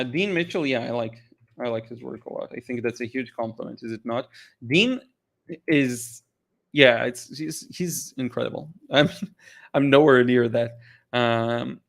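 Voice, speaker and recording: A man with a gravelly, fairly bright, medium-pitched voice hosts a live art Q&A, talking casually and enthusiastically about paintings. In this casual livestream chat he's a little tired and yawning, rambling with restarts and fillers.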